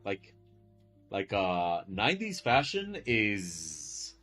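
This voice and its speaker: A man's voice: sits low, wildly swooping pitch, very slow, sharp tone, soft background music. A man who teaches, chatting casually and with incredulity during a live art stream, rambling and swearing now and then.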